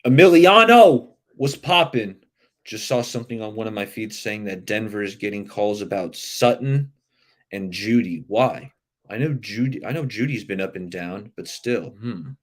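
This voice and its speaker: A man's voice: fairly low pitch, moderate pace. A man hosting a live sports talk stream, chatting loosely and reacting to viewer comments. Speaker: livestream sports show host.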